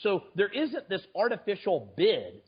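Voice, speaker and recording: A man's voice: high voice, huge pitch swings, measured pace, husky, lo-fi sound. A man speaking as a trader guest in a conversational interview, often restarting his sentences. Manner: frequent stammered restarts. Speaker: guest, fund manager and trader.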